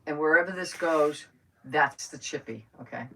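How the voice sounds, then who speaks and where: A woman's voice: low voice, moderate pace, creaky, pushed and bright, slight background noise. A middle-aged woman hosting a live crafting stream, chatting and thinking aloud as she works. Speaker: craft host. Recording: distant from the mic.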